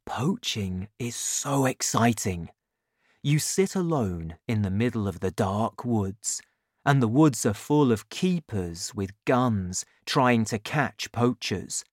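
A reader voicing a patient, gentle father in a slow, measured audiobook reading. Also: mid-range voice, expressive, no echo, studio quality. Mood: calm, earnest. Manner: slow, measured storytelling delivery.

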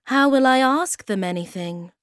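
A woman voicing a kindly motherly female creature who speaks gently and welcomingly. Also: high voice, expressive, moderate pace, clear, resonant tone, dry recording, studio quality, pitched above the performer's own voice.

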